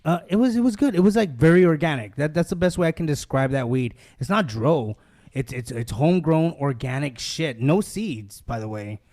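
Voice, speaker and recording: A man's voice: on the high side, lively intonation, moderate pace, a little mellow. A young man hosting a podcast, telling a story in casual chat, swearing freely and acting out other people's lines. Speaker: podcast host.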